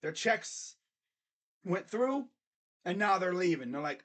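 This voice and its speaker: High-voiced animated young man streaming. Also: slow. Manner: animated, rambling, jokey with mocking asides. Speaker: sports channel host. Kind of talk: casual live-stream sports reaction.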